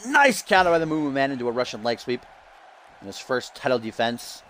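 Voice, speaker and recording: A man doing play-by-play wrestling commentary, hyping the match with dramatic, drawn-out rhetorical questions. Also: mid-range voice, sing-song, a bit bright, slight background noise, poor audio.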